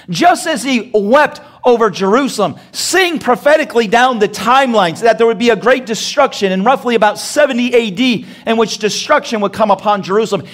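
A man's voice: very high-pitched, fairly bright tone. A male pastor preaching a sermon, asking the congregation rhetorical questions and acting out short dialogue scenes with humor.

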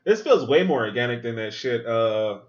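Man, podcast host, loose profane movie-reaction chat, lively swinging pitch, dull lo-fi sound. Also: normal speed. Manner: animated, profane, thinks aloud with asides. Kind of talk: casual movie reaction commentary.

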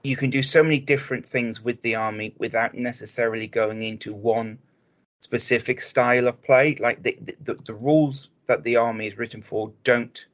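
Guy on a hobby podcast, mid pitch, slow careful explaining, restarts a lot. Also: fairly even intonation. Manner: measured and explanatory, with repeated restarts. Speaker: podcast co-host. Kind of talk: casual chat.

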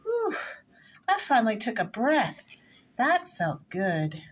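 A woman's voice: on the high side, very animated, a little slow, husky, full character voice. A woman playing a nervous, flustered married suburban woman, chattering breathlessly in a rehearsed stage play reading. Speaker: actor in a rehearsal.

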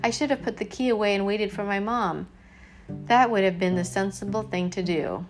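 A woman reading a novel aloud in the first person, with expressive, lively narration. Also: mid-range voice, moderate pace, faint music behind. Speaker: audiobook reader.

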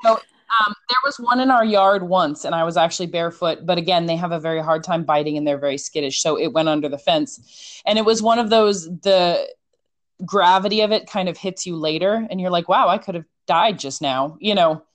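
A woman telling a story in a casual chat, animated and chatty, with many fillers. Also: on the low side, fairly quick.

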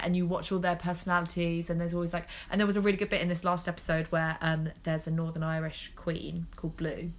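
A woman's voice: lowish voice, fairly even intonation, rapid-fire, few pauses. A young Englishwoman co-hosting a podcast, chatting casually and gushing about shows, full of "like" and "oh my God". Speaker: podcast co-host. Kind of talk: casual chat.

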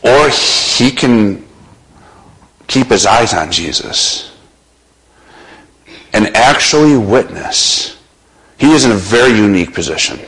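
Slow, dramatic male preacher. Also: fairly low pitch, creaky, a bit bright, low-quality recording. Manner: slow and dramatic, retells scripture in the listener's place. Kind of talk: sermon.

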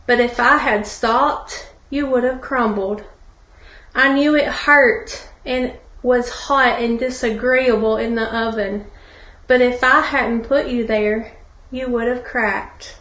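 Brief: woman as a patient potter, soft steady voice, slow, echoey room. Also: fairly high pitch. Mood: gentle. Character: patient master potter, calm and gentle.

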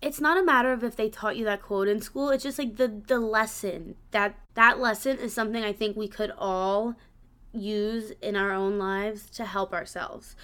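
A woman's voice: medium pitch, steady tone, normal speed, fairly bright tone, clean tone. A young woman hosting her own podcast in a casual, rambling way, restarting sentences and laughing at herself. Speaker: podcast host.

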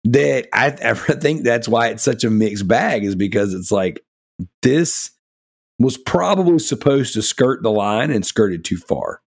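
A man's voice: mid-range voice, animated, unhurried, vocal fry, husky. A man co-hosting a casual gaming podcast, rambling and enthusiastic, with many fillers like "you know" and "like". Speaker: podcast co-host.

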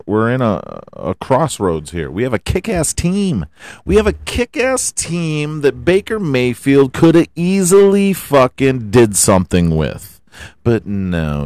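A man's voice: medium pitch, darkish tone, no echo. A man hosting a podcast, ranting about his football team in a heated, profane way and firing off rhetorical questions. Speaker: podcast host. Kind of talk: profane sports rant.

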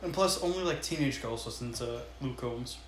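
A man's voice: medium pitch, moderate pace, roomy sound, slight background noise. A young man chatting with friends in a sarcastic, mocking tone. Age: young adult. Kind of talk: casual chat.

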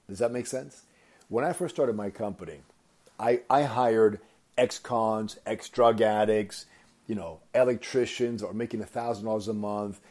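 A man, a company founder, telling a motivational story with emphatic, animated delivery and frequent repetition. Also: fairly low pitch, normal speed.

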